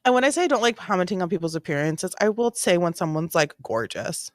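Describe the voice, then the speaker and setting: Hosting a true-crime livestream, this woman reacts to a clip in loose, rambling commentary full of "like." Her pitch is fairly low, her intonation lively, and her pace quick. It's chatty, casual live talk as she watches.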